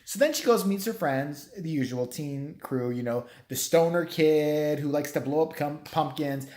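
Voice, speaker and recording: A man's voice: a little high, a little mellow. A man giving a casual, rambling movie review, swearing freely and acting out characters' lines. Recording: echoey room.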